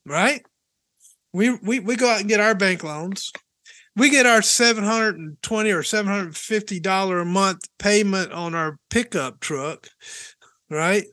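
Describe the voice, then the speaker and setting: A man's voice: sits high, bright, forceful tone, dry recording. A man co-hosting a casual Christian podcast, joking and teasing as he talks, chuckling often. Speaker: podcast co-host.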